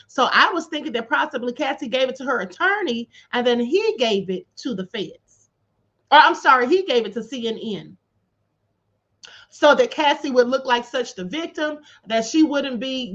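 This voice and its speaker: A woman's voice: high-pitched, a bit bright, highs cut off. A woman hosting a live stream, giving chatty, opinionated commentary and talking straight to her viewers. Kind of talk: casual commentary.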